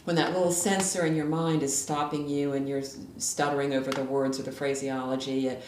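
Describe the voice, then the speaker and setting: A woman's voice: extremely low pitch, little pitch movement, a little fast, darkish tone. A woman guest, a former judge, chatting in an interview and telling stories with frequent restarts. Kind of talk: casual conversational interview. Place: library room. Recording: echoey room, distant mic, faint noise.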